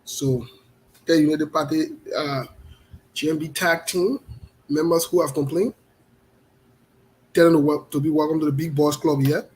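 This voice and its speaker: A man's voice: fairly high pitch, steady tone, normal speed, pauses often, poor audio. A man hosting a live online talk show, greeting viewers by name and speaking bluntly and passionately.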